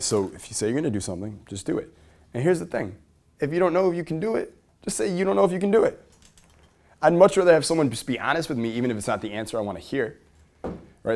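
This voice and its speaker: A man giving an energetic seminar talk to a live audience, firing rhetorical questions and swinging between loud emphasis and quiet asides. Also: medium pitch.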